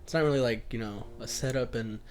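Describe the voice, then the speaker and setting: A man's voice: mid-range voice, quick pace, a little mellow, soft background music. A young man co-hosting a podcast, joking around and slipping into goofy bits. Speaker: podcast co-host. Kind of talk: casual chat.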